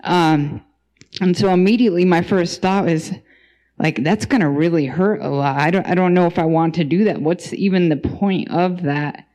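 A woman's voice: fairly low pitch, moderate pace, mellow. A woman who is a podcast guest, giving a casual spoken testimony and thinking aloud as she goes, with frequent restarts.

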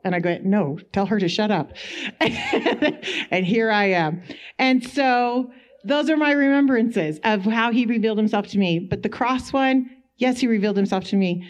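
A woman's voice: medium pitch, darkish tone. A woman sharing a personal faith testimony at a church gathering, telling it in a chatty way and acting out her own asides.

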